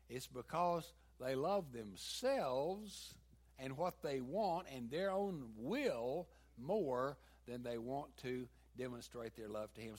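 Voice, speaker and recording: A man's voice: on the high side, darkish tone. A man with a Southern US accent preaching a sermon, mixing folksy stories with emphatic peaks. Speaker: pastor.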